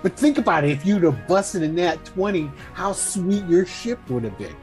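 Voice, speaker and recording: A man's voice: high voice, animated, moderate pace, darkish tone, soft background music. A man playing in a tabletop game, joking around in casual chat. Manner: joking, playful. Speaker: player.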